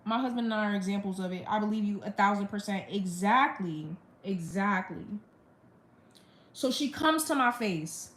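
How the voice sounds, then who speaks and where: A woman's voice: medium pitch, animated, moderate pace, fairly bright tone. A young woman on a live stream, venting a blunt, profane storytime rant about her family. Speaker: livestreamer. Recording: roomy echo.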